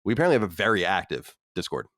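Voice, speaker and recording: A man hosting a podcast in casual chat, brisk and matter-of-fact. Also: low-pitched, very animated, a bit bright, no room sound, studio quality. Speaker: podcast host.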